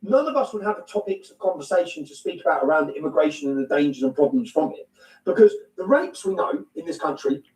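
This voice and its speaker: A man's voice: on the high side, animated, a little fast, darkish tone. Emphatic English man, echoey and distant. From England. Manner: emphatic, repetitive, blunt, swears. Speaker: interview guest. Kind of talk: heated conversational interview.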